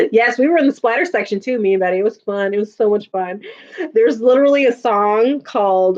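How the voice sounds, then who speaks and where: A woman's voice: a little high, normal speed, a little mellow. A woman in her thirties hosting a casual livestream, chatting with viewers and laughing often. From Chicago area, USA. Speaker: livestream host. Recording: dull lo-fi home stream audio.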